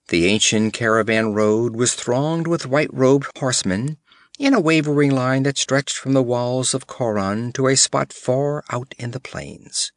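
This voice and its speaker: A man narrating an adventure audiobook in a measured, vivid storytelling manner on a close studio mic. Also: medium pitch, no echo.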